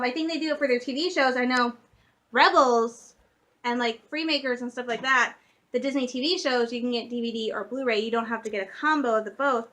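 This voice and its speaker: A young woman from Michigan chatting excitedly in a casual vlog, gushing like a fan, with lots of fillers and restarts. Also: sits high. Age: young adult. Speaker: vlogger.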